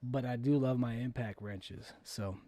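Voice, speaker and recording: A man hosting a casual livestream reads viewer comments aloud and answers them in an easygoing way. His mid-range voice is warm and a little slow.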